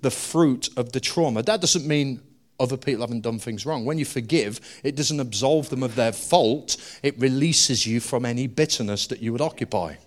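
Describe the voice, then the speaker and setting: A man's voice: medium pitch, normal speed. A male preacher giving a sermon, telling stories with humorous asides. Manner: animated, humorous storytelling with asides.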